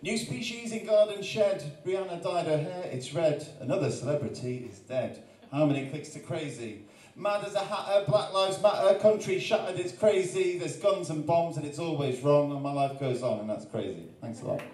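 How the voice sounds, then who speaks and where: A man from Wales performs rhyming poems live at an arts-centre gallery night, his fairly high voice punching out the rhythm and breaking into relaxed, joking patter between pieces. He stands back from the microphone, so the sound is distant and bounces around an echoey room. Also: moderate pace. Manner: rhythmic rhyming recital broken by jokey chatty asides. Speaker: performance poet. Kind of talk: live spoken-word performance.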